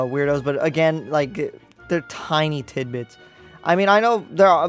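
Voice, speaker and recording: A man giving a casual spoken movie review as a YouTube reviewer, rambling and correcting himself with lots of fillers. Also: a little high.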